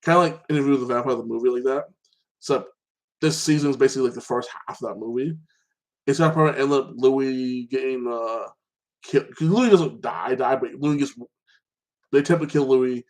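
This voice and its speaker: A man's voice: mid-range voice, brisk, low-quality recording. A man casually recapping and reviewing TV episodes as a show host, rambling and restarting his sentences often. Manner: rambling, with many restarts and frequent "like this".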